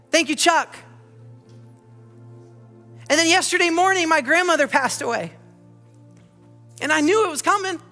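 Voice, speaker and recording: A high, bright-voiced pastor delivers an earnest sermon full of personal asides and rhetorical questions. The voice rings out in a church hall with long reverb, and soft music plays underneath. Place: church auditorium.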